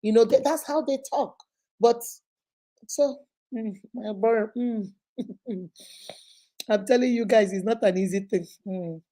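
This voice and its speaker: Lively Nigerian woman host, mellow voice. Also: on the high side, slow, long pauses. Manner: lively, laughs often, mixes in pidgin. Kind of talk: casual live Q&A chat and storytelling.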